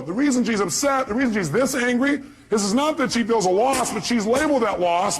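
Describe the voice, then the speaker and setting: A man's voice: sits high, lively intonation, fairly quick, few pauses. A man giving a live motivational seminar talk, speaking emphatically and bluntly and firing rhetorical questions at the audience. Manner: blunt, occasional profanity.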